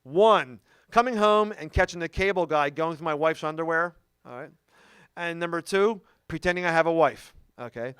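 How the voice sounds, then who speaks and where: A man with a fairly high, smooth voice tells jokes in a stand-up set, recorded dry and close. He delivers punchy stories, with frequent "okay?" asides to the crowd. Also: normal speed, fairly bright tone, dry recording. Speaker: stand-up comedian. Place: comedy show before a live audience.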